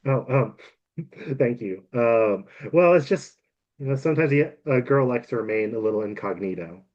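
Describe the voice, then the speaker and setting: A man's voice: medium pitch, animated, moderate pace, lo-fi sound, close to an everyday voice. A man voicing a secretive young woman in a trench coat and face mask, speaking in a breezy, coy way.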